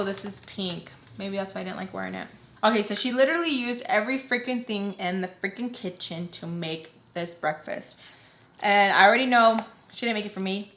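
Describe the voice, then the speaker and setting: Chatty woman telling a story, echoey room. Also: mid-range voice. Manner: casual, expressive, lots of filler and swearing. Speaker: vlogger. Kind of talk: storytime vlog.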